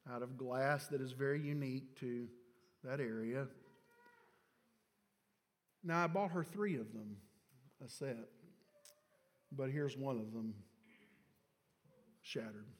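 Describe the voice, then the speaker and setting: A middle-aged man, a pastor telling a personal story in a sermon, moving between hushed confession and loud exhortation. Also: mid-range voice. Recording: long church reverb.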